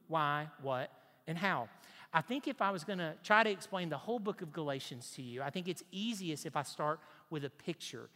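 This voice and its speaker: A man's voice: a little high, fairly bright tone, big-room sound. A man preaching a sermon, emphatic, posing rhetorical questions to the congregation and repeating his key points.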